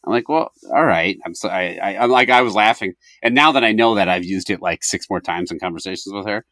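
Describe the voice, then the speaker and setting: Low-voiced man in crude podcast banter. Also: fast talker, pushed and bright, dry recording. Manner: crude, swears freely, laughs often. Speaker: podcast co-host. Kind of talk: casual podcast chat.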